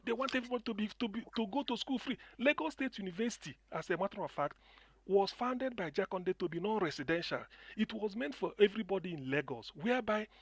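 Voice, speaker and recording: A man's voice: high-pitched, lively intonation, fast, no echo. A middle-aged Nigerian man calling in, speaking passionately with many restarts and repetitions. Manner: impassioned, repetitive, restarts often. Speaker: caller. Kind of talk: passionate call-in commentary.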